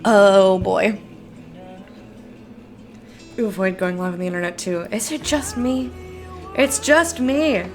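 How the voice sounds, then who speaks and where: A woman's voice: on the high side, expressive, normal speed, soft background music. A tired woman chatting casually on a live stream, rambling, laughing often and answering her chat. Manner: giggly, rambling, reads chat aloud. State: sleepy.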